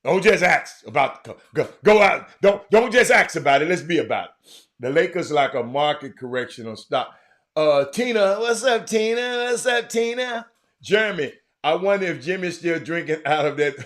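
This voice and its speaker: A man hosting a casual livestream, reading viewer comments and greeting people by name in an animated, loose way. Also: a little high, normal speed. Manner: animated, shouts out viewers by name, drifts off-mic. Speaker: livestream host.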